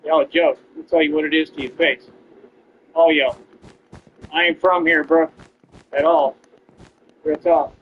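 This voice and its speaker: A man's voice: a little high, fairly even intonation, unhurried, pauses often, slight background noise. A man ranting at viewers during a game stream, boastful and confrontational. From Texas. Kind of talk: ranting to viewers while gaming. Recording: dull lo-fi stream audio.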